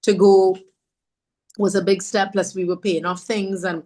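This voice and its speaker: A woman's voice: medium pitch, flat delivery, a little slow. A woman from Trinidad, a podcast guest telling a heartfelt personal story, earnest and devout, repeating phrases for emphasis. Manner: devout, speaks of faith warmly.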